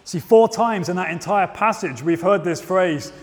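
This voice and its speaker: A man's voice: high-pitched, normal speed. A man preaching a sermon and reading scripture aloud at a church service, informal and self-deprecating with asides and restarts. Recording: long reverb of a church hall.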